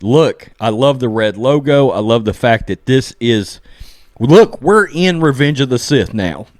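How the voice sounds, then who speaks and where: A man giving a casual episode review, excitedly recapping scenes and acting out the characters' lines, often saying "okay?" and "look". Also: mid-range voice, unhurried, dry recording, clean studio sound. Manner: animated, acts out character lines while recapping. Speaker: show reviewer.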